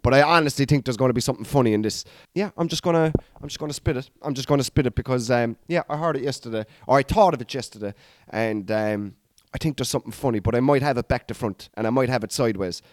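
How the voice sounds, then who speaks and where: A man's voice: medium pitch, fast, no echo. A man in his thirties with an Irish accent, talking through a comedy bit in a casual, rambling way, swearing and restarting his sentences. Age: 30s. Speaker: comedian podcast host.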